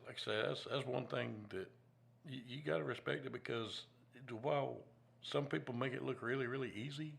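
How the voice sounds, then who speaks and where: Gravelly man in casual chat. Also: medium pitch, normal speed. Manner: thoughtful, earnest, with many "you know"s. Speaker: host, comedian.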